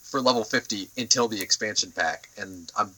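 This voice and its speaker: A man's voice: fairly low pitch, brisk, sharp tone, husky, low-quality recording. A young man chatting casually on a podcast, rambling with lots of fillers and the odd swear word. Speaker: podcast co-host. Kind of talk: casual chat.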